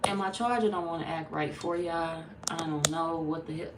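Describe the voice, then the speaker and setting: A woman's voice: low-pitched, steady tone, normal speed, hardly any pauses, a little hiss or hum, rough recording. Blunt chatty woman reading tarot. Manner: blunt, chatty, swears and laughs freely. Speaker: tarot reader. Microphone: phone.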